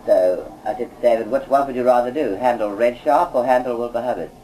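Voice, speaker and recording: A man's voice: medium pitch, a little fast, mellow, rough recording. A man recounting his past work as an auditor in a rambling, conversational way, often adding "you see.". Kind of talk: anecdotal recorded talk.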